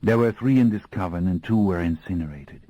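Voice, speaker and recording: A man voicing an elegant young male vampire with a French accent, speaking in a hushed, smooth hiss. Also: deep voice, brisk, no room sound, dull audio, close to an everyday voice. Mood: commanding.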